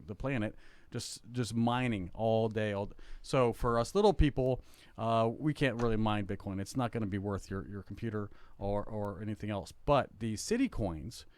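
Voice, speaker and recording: A man's voice: mid-range voice, no echo. Rambling middle-aged man on a podcast. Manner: rambling, many fillers and restarts. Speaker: podcast co-host. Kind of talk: casual chat.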